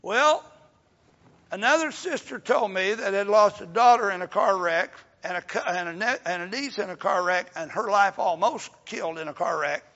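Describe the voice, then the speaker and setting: An older preacher with a very high, gravelly voice that has a bright, sharp edge. He preaches in a folksy way, swelling into shouts and falling back to a soft hush. He is heard on a dull, lo-fi recording with long reverb from the hall. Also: moderate pace. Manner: folksy, rising to shouts then dropping soft. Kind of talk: sermon.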